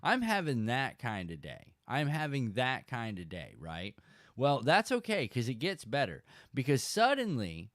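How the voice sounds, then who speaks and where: A man hosting a casual fishing livestream, telling a story with animated emphasis and chatting to viewers. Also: medium pitch, unhurried, dry recording, studio quality. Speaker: fishing channel host.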